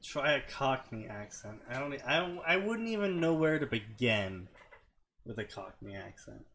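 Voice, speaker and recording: A man's voice: mid-range voice, sing-song, normal speed, gravelly, a bit bright, slight background noise. A man co-hosting a comedy show, chatting casually and rambling as he skims through a fanfiction text. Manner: rambling, self-deprecating, skims text with filler. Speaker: co-host reading fanfiction. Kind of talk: casual comedic chat and reading aloud.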